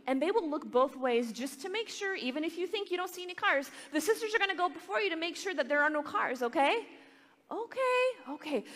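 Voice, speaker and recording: A woman religious sister tells stories in an animated way and acts out the children she talks about. Her voice sits a little high. The sound rings with a long reverb from a large hall. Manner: animated storyteller acting out kids' voices. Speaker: religious sister giving a talk. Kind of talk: storytelling talk to a retreat audience.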